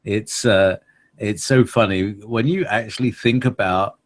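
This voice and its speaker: A man's voice: fairly low pitch, unhurried. A man cohosting a casual chat, rambling with many hesitations and frequent laughs.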